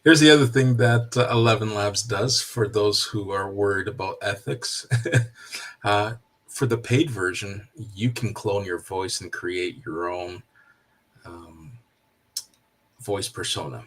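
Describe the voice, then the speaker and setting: Low-pitched man, steady explainer in a casual talk. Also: unhurried, low-quality recording. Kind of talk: casual chat.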